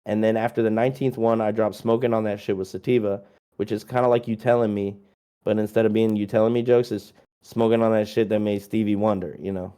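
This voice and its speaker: Rambling, jokey young man with a low, mellow voice. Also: steady tone, fast, smooth. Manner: rambling, joking, lots of fillers and "you know". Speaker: musician guest. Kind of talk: casual interview, listing his releases.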